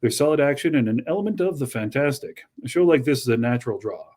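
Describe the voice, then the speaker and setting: A man co-hosting a fan podcast, reading an article aloud at a steady pace and chatting casually in between. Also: mid-range voice, quick pace. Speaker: podcast co-host.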